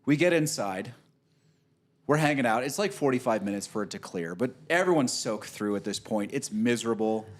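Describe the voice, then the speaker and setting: A man's voice: mid-range voice, moderate pace. A man casually telling a long golf story, swearing freely and acting out what people said. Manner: animated, profane storyteller who acts out quotes.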